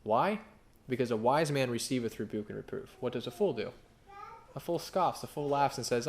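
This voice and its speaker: A man in his thirties delivers a sermon in a loose, conversational way. He keeps firing rhetorical questions at his listeners and often stops to restart or repeat himself. His voice sits at an ordinary middle pitch. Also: brisk. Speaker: pastor.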